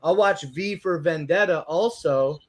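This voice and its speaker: Man, casual podcast chat, rambling, profane, a bit high-pitched. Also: a little slow, noisy background. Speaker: podcast co-host.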